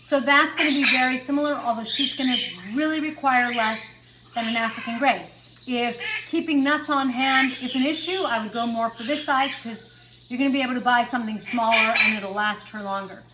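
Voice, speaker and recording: Brief: high-voiced woman, chatty parrot-owner vlogger, loud noise and bird squawks behind. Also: brisk. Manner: chatty, with fillers and self-corrections. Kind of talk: casual chat to camera.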